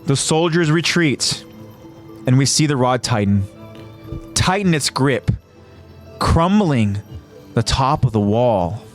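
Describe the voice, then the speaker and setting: A man hosting a podcast, narrating an episode recap in a casual tone and jumping into quoted lines with a raised, shouting voice. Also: mid-range voice, big pitch swings, slow pace, pauses often, faint music behind.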